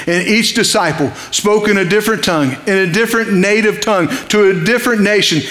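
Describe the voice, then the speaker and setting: A man's voice: sits high, fairly bright tone, in a large hall. A man preaching an evening sermon in a conversational, impassioned way, asking his listeners questions.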